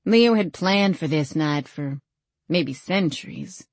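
A woman reading a first-person novel aloud as an audiobook narrator, in a measured, dry storytelling manner. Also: low-pitched, expressive, a little mellow, no echo.

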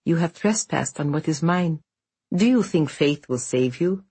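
A woman voicing a cold, quiet menacing stranger. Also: low-pitched, expressive, unhurried, breathy edge, no room sound, full character voice. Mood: coldly menacing. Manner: quiet, cool, dryly humorous threats. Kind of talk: audiobook character voice.

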